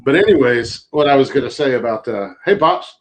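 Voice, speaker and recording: A man's voice: medium pitch, big pitch swings, brisk. A man co-hosting a podcast in casual chat, telling rambling stories with lots of laughter. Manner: joking storyteller, rambling, laughs often. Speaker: podcast co-host.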